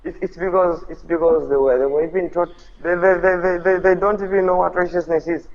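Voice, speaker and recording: A man's voice: high voice, steady tone, fairly quick, muffled recording. A man hosting a religious live stream, talking in an emphatic, repetitive, fervent way. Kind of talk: casual preaching chat.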